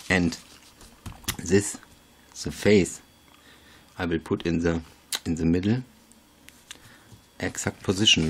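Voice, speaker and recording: A man's voice: sits low, vocal fry, slight background noise. A man, chatting casually through a craft tutorial in broken English, rambling and laughing at himself. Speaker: video maker.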